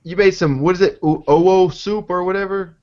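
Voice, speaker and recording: A man's voice: high voice, fairly even intonation, a little fast, dull audio. A man hosting a casual live-show chat, laid-back and profane, calling everyone "man". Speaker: show host.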